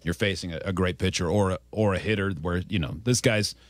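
A man hosting a casual sports interview, telling stories and quoting people with animated delivery. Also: sits low, fairly quick, no echo. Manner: storytelling, animated quotes. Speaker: radio host.

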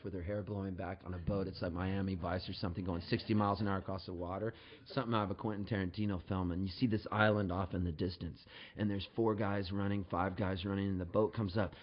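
A man telling a comic story on stage in an animated, jokey way, building up to his punchlines. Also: sits low, lo-fi sound.

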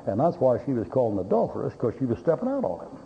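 A male pastor's sermon is crammed with folksy anecdotes and blunt jokes, and he acts out the voices in them. His mid-pitched voice swoops wildly, comes out rapid-fire, and has a creaky edge. The recording is dull and lo-fi with faint hiss beneath.

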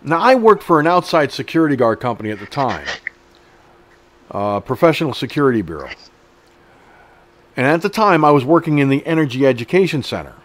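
A man's voice: mid-range voice, sing-song, fairly quick, pauses often. A middle-aged man hosting an online news show, reading an article aloud and breaking off into blunt, profane, indignant commentary.

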